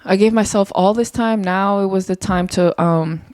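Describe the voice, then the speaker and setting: A woman's voice: moderate pace, no echo, clean studio sound. Candid, rambling young woman podcaster. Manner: candid, rambling, swears casually, lively pitch jumps. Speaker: podcast host. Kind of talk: casual solo podcast monologue.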